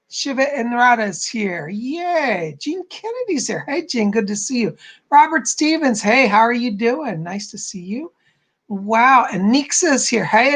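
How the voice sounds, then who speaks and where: A man with a gravelly, fry-edged voice hosts a live stream in easy, casual chat. He is bubbly and chatty, greeting viewers one after another and reading out their comments. His tone stays relaxed and friendly. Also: high voice. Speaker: psychic medium hosting a live stream.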